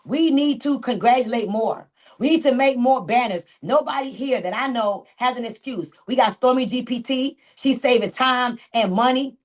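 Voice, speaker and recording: High-voiced animated woman coaching her team. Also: moderate pace. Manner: animated, preachy, calls out team members by name. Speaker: network marketing coach. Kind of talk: motivational training call.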